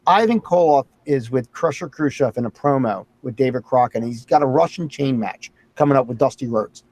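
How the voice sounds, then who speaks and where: A man's voice: mid-range voice, darkish tone. A man hosting a casual talk show, telling a story with lots of animation. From Philadelphia area. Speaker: host. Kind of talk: casual chat.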